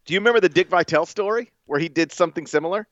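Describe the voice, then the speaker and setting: A man's voice: sits high, racing, fairly bright tone, no echo. Emphatic ranting male co-host, dull sound. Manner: emphatic, ranting about pet peeves. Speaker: podcast co-host and radio host. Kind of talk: casual chat.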